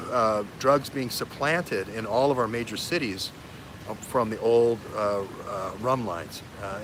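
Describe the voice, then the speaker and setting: A man hosting a livestream as an investigative journalist, talking in an animated, digressive way that jumps between threads. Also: medium pitch, noisy background. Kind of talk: livestream talk.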